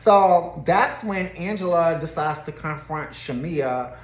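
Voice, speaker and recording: A woman's voice: low voice, expressive, slow pace. A woman giving a casual, gossipy recap of a reality TV episode, chatty and laughing often. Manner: chatty and laughing, often slips into quoted voices. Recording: roomy echo.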